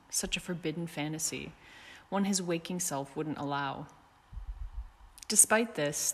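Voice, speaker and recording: A woman narrating a story in a calm, measured reading voice. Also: sits low, big-room sound. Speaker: audiobook narrator.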